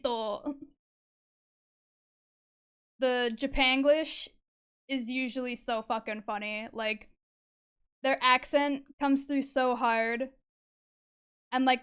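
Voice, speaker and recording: A woman's voice: fairly high pitch, a bit bright, clean tone. Chatty woman streamer. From Canada. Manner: chatty, filler-heavy, swears, laughs often. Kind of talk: casual chat while drawing on stream.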